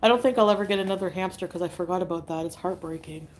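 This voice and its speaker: A woman's voice: on the low side, rapid-fire. A woman from Canada chatting casually on a livestream, reading out viewer comments, giggly and drifting between topics.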